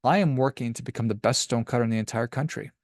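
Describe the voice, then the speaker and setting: A man voicing a determined woman stonecutter who speaks with steady focus. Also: mid-range voice, rapid-fire, no echo, clean studio sound, natural voice.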